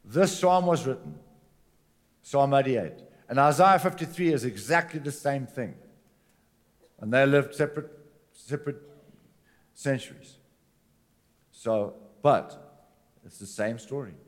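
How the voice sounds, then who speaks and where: A man preaching a sermon, swinging between forceful declarations and hushed, intimate asides. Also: mid-range voice, animated, unhurried, pauses often. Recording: long hall reverb.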